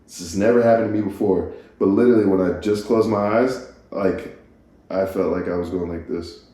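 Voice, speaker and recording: Guy rambling on his podcast, low mellow voice, super echoey room. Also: moderate pace, slight background noise. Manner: rambling, self-interrupting, laughs at himself. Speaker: podcast host. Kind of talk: casual solo podcast musing.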